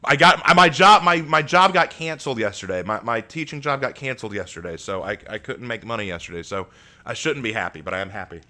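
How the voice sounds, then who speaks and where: Bright, lively male streamer. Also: medium pitch, a little fast. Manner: chatty, joking, laughs often, restarts words. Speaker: streamer reacting live and reading chat. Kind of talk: casual live-stream chat.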